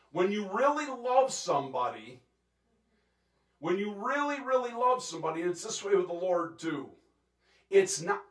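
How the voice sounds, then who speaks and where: Intense preaching man, echoey church. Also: high-pitched. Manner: intense, animated preaching with laughs and acted quotes. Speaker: pastor. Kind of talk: sermon. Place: church sanctuary.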